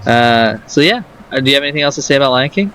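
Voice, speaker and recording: A man's voice: mid-range voice, lively intonation, fast talker, sharp tone, low-quality recording. Hesitant man in casual movie chat. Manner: hesitant, full of fillers. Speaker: podcast co-host.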